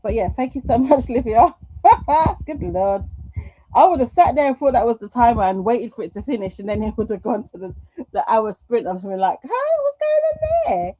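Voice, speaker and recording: A woman's voice: a little high, moderate pace, dark tone, low-quality recording. A middle-aged woman hosting a live stream at home, chatting and reading out viewer comments in a rambling, affectionate way. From United Kingdom. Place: home room.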